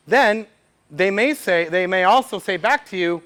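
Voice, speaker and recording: A man speaks at a business event. He talks to a live audience in a lively way. He acts out little snippets of conversation and throws questions to the room. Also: high voice, measured pace. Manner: lively, quotes made-up dialogue with audience questions. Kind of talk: live workshop talk.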